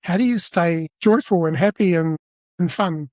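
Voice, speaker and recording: A man's voice: high-pitched, moderate pace, a little mellow, no room sound, studio quality. Man hosting an interview. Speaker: podcast host. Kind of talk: interview questions.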